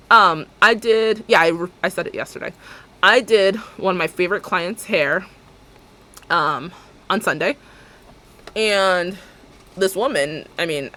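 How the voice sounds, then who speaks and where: Animated, chatty woman streamer. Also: fairly low pitch. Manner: animated storyteller who acts out both sides of conversations; chatty and rambling, with frequent fillers and self-corrections. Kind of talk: casual chat while livestreaming a game.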